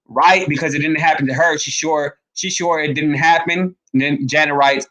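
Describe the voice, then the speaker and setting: A man with a fairly high, bright, forceful voice talks straight to his viewers in a casual commentary vlog. He is emphatic and slangy. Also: moderate pace. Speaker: online commentator.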